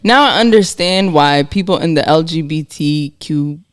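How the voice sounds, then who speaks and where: A woman co-hosting a podcast in casual chat, candid and animated, laughing often. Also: low voice, normal speed. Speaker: podcast co-host.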